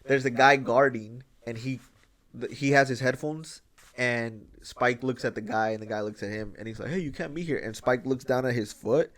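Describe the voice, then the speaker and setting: A man hosting a podcast in casual chat, excitedly retelling a film scene, swearing freely and acting out the lines. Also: medium pitch, moderate pace. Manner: excited storytelling, swears freely, acts out quotes. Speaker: podcast host.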